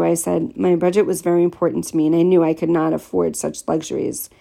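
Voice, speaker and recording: A woman reads a first-person story aloud, steady and plain in her telling. Her voice sits low and is heavily gravelly, with a dark, mellow tone. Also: fast, hardly any pauses. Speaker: audiobook narrator.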